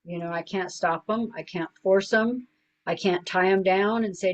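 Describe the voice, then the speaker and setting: Here a middle-aged woman with a lowish voice talks at a moderate pace with fairly even intonation, though the audio quality is poor. A guest on the show and a suicide prevention coach, she shares personal stories earnestly and conversationally, sprinkling in plenty of "you know."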